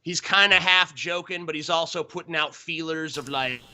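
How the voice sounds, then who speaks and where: A man's voice: fairly high pitch, moderate pace, bright, forceful tone, smooth. A man co-hosting a podcast, casually telling a story full of swearing and stifled laughter over a remote call. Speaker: podcast co-host. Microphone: remote call that drops out.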